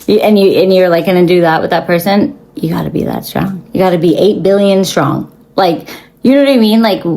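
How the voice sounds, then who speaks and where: A woman's voice: on the low side, mellow, rough recording. A young woman giving blunt, profane spiritual advice to her viewers, talking casually with lots of fillers. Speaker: spiritual reader.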